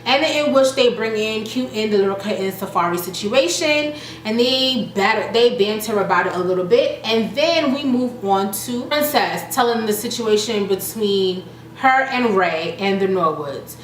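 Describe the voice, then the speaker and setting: A young adult woman casually recapping a reality show, chatty and animated, acting out the quotes with laughter. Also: medium pitch, moderate pace. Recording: echoey room with faint noise.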